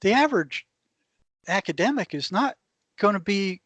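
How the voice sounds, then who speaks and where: A man sits in as a guest and tells stories with animation, jumping into the voices of the people in them. His voice sits a little high. The sound is dry, with no room around it. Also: moderate pace, no room sound. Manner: animated anecdotes, acts out others' lines. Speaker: former clinician. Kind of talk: conversational storytelling.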